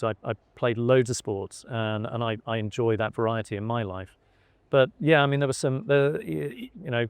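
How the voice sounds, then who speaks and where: A man's voice: mid-range voice, dry recording. Middle-aged english guy, talks in stops and starts, um and uh a lot, mid voice, dry close mic. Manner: hesitant, many fillers and restarts. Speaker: interviewee, son of a cricketer. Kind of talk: conversational interview.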